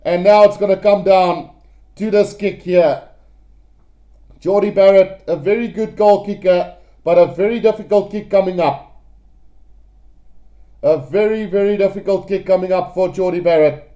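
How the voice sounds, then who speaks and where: Excitable high-voiced man calling rugby live. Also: measured pace, pauses often. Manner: excitable, calls play-by-play to viewers as "guys". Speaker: live match commentator.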